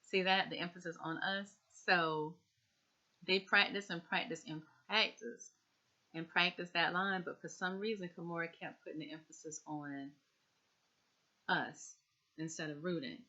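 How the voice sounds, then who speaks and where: A woman's voice: lowish voice, steady tone, unhurried, sharp tone, highs cut off. A woman chatting casually as a TV recap vlogger, repeating herself and talking straight to her viewers.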